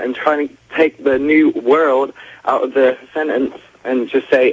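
A man's voice: medium pitch, level tone, moderate pace, husky. A British man calling in to a radio show, speaking earnestly and a bit hurriedly. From United Kingdom. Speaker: caller. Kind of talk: phone-in call. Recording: muffled phone line.

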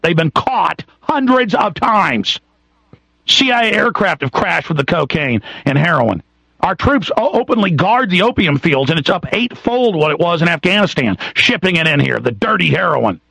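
A man's voice: a little high, fairly bright tone, dry recording, low-quality recording. A man hosting a talk radio show, delivering an angry, combative rant.

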